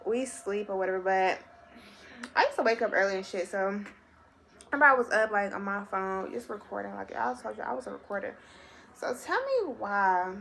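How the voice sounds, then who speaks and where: Bright-voiced young woman telling a story. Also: medium pitch, fairly quick, vocal fry, slight background noise. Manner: profane, animated, talks straight to viewers. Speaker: vlogger. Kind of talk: casual storytime chat.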